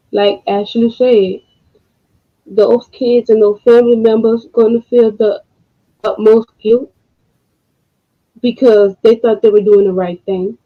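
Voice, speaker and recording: A woman speaks slowly, with pauses, her voice close to tears and full of frustration. She swears bluntly and keeps coming back to the same point. The recording is dull and lo-fi. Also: a little high. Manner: frustrated, halting, profane. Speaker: co-host. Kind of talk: emotional commentary.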